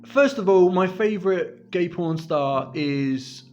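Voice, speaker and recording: A man's voice: sits high, expressive, takes it slowly, darkish tone, faint music behind. Chatty man with muffled sound. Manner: chatty, self-deprecating, laughs often. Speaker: vlogger. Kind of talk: casual chat to camera.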